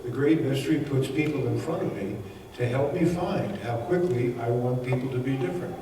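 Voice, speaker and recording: A man's voice: medium pitch, brisk, background noise. A man giving a folksy, anecdotal spiritual talk to a gathering, often chuckling as he teaches. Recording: echoey hall recorded from far off.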